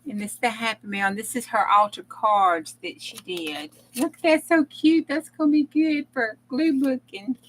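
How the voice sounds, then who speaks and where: A woman's voice: fairly high pitch, fairly even intonation, moderate pace, hardly any pauses, a little hiss or hum. A woman hosting a casual crafting live stream, effusive and chatty, laughing often and close to tears.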